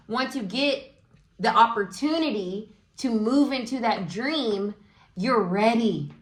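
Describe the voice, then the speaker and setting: A woman's voice: a little high, a bit bright, reverberant. A woman giving a casual, encouraging tarot reading, talking aloud with many fillers. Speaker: tarot reader.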